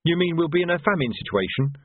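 A man's voice: a little high, lively intonation, fast talker, slight background noise, voice pushed up, lightly acted. A man voicing an earnest, rule-bound clerk of a street revolution with a fussy, officious manner. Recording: thin phone-like dry sound.

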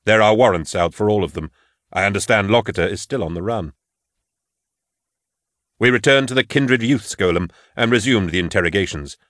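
Deep-voiced man reading a story. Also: moderate pace, pauses often, fairly bright tone, no room sound, studio quality. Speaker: audiobook narrator. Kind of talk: scripted narration.

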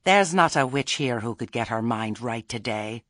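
A blunt, homely old witch with a dry sense of humor, voiced by a male narrator. Her voice sits a little above his usual one, husky, and lively in its rises and falls. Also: rumbling low, moderate pace, no echo, full character voice. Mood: wry. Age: older. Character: shrewd, earthy old village witch woman.

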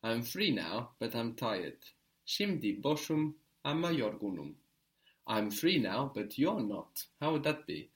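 A man teaching a spoken language lesson, patiently prompting his student and repeating each answer slowly. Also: medium pitch, very animated.

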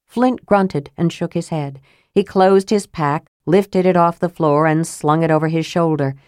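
Female narrator, audiobook, even delivery, low pitch, dry studio sound. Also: a little slow, clear, resonant tone, no echo. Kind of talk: scripted narration.

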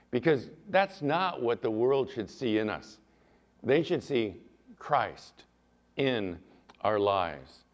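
A male pastor preaching a sermon in church, animated, rising to loud emphasis and dropping to soft asides. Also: fairly low pitch.

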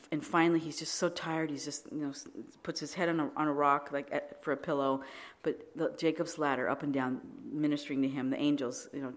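A middle-aged woman preaching a sermon, telling animated stories with frequent laughter and restarts. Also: sits low.

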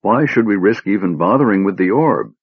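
A man's voice: on the low side, animated, fairly quick, husky, no echo, narrow, tinny audio. A man reading aloud who voices a small, nervous male kender, talking eagerly and stammering.

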